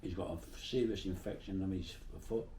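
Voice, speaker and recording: A man's voice: deep voice, fairly even intonation, brisk, mellow, echoey room, recorded from a distance, slight background noise. A middle-aged man from Bermondsey with a South London accent, telling salty stories in a casual interview. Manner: chatty, salty, swears freely while telling anecdotes.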